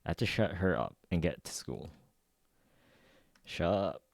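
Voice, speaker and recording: A man reading the lines of a tough teenage girl gang leader in a storybook readthrough, in a flat, matter-of-fact way. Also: sits low, unhurried, creaky, no room sound, clean studio sound, exaggerated voice. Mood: blunt.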